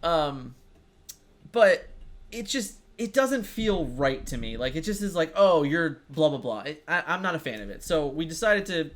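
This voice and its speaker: A man's voice: a little high, big pitch swings, moderate pace, a bit bright. A young man co-hosting a casual podcast, joking and laughing often as he talks. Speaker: podcast co-host. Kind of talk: casual chat.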